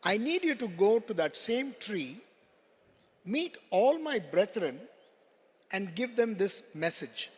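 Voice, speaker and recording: A man's voice: sits high, sing-song, slow pace, husky, exaggerated voice. Man voicing a clever caged parrot. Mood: pleading. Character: wise caged female pet parrot. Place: large conference hall. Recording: long hall reverb.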